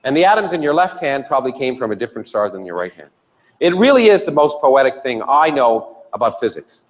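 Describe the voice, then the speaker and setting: A man's voice: medium pitch, big pitch swings, fairly quick. A man giving a public science talk as a physicist, enthusiastic and emphatic. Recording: reverberant hall recording.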